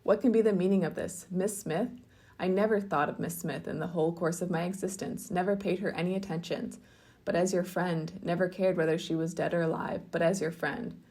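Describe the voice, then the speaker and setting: A woman's voice: on the low side, fairly even intonation, a little fast, darkish tone, natural voice. A woman doing a pompous young suitor. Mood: ardent. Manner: effusive and pompous. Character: conceited young male clergyman, ardent and pompous.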